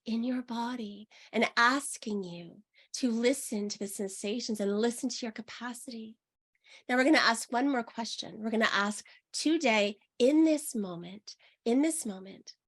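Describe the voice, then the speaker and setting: Woman, young adult, meditation teacher; soothing, unhurried, a touch high. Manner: slow, soothing and soft-spoken. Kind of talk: guided meditation.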